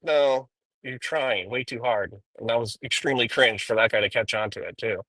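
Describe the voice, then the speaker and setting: A man's voice: medium pitch, normal speed, a bit bright, no echo, rough recording. A man streaming live while driving, rambling through profane drama commentary with frequent ums. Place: inside a car.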